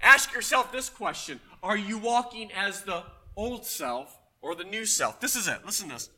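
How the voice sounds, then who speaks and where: Bright high-voiced preacher. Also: male voice, expressive, normal speed. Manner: storytelling, emphatic preaching with loud punches. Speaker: pastor. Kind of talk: sermon.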